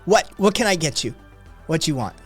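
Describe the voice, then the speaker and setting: A man's voice: on the high side, sing-song, normal speed, soft background music. A man voicing a plump, short, elderly woman who runs a food stall. She is doting and bossy and fusses in clipped, broken English. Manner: fussy, clipped broken English, repeats herself.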